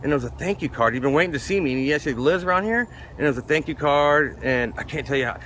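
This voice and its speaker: Man from Florida, artist, interview storytelling, rapid talk, animated quoting of others. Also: fairly high pitch, slight background noise. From Florida, USA. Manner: animated, acts out other people's lines.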